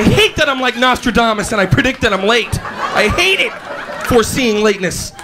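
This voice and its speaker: A male stand-up comedian telling an animated story, acting out voices with big pitch jumps. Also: normal speed, noisy background. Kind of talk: stand-up routine. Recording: live stage with loud crowd laughter. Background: audience laughing.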